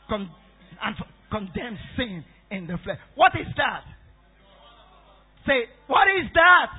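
A man preaching a sermon who calls out questions for the congregation to answer and builds to shouts. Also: very high voice, breathy edge. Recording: tinny phone-like sound.

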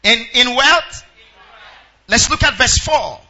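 A man's voice: very high-pitched, expressive, takes it slowly, bright, forceful tone, lo-fi sound. A Nigerian pastor preaching a sermon. He half-sings scripture verses in a sing-song chant and calls out to his congregation.

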